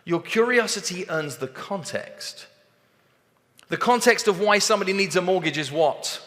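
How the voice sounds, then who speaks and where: A man giving a motivational talk on a stage, animated and acting out both sides of conversations. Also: high-pitched, moderate pace, long reverb tail. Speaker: sales trainer speaking on stage.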